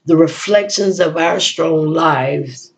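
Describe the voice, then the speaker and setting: Slow gravelly woman reciting a poem. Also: sits low. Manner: slow, measured recitation with frequent pauses and restarts. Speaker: spoken-word poet. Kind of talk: poetry recital and personal reflection.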